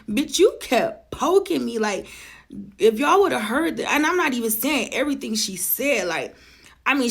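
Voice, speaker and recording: A woman in her forties with a gravelly, slightly high voice tells a casual storytime monologue. She is blunt and profane and talks to her audience in quick, emphatic bursts, drawing out her key points. Her voice rasps with vocal fry throughout. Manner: blunt, profane and animated, with lots of asides to the audience; fast and emphatic, slowing down to stress points. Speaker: vlogger telling a personal story.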